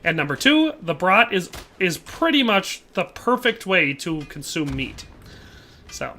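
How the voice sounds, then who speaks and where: Through a headset mic with slight hiss or hum, a young man streams a shooter game in a bright, pushed, fairly high voice. His intonation is lively and his speed normal. He chats easily, reads out the chat, laughs a lot, and sometimes leaves sentences unfinished.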